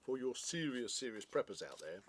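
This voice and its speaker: A man's voice: medium pitch, sing-song, normal speed, a little hiss or hum. A man co-hosting a casual product review, chatty and jokey, explaining things at length.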